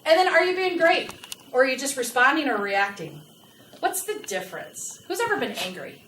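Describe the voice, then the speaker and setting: A woman giving a lively customer service training talk to a live audience and asking them questions. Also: high-pitched, moderate pace. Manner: animated, asks the audience questions. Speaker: workplace trainer. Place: large room with a live audience. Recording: echoey room, from a distance, faint noise.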